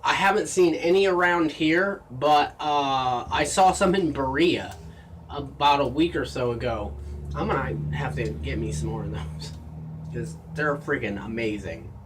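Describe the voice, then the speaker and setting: A man's voice: mid-range voice, unhurried, background noise. Tired rambling man, slightly distant mic. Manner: weary, rambling, talking to himself. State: tired and run down. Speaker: gas station clerk. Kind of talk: casual video diary. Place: gas station during a shift.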